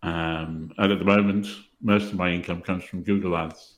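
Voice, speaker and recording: A man talking as a podcast guest, relaxed and modest, pausing on soft "um"s. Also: sits low, lo-fi sound. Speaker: podcast guest, language website creator. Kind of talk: casual interview conversation.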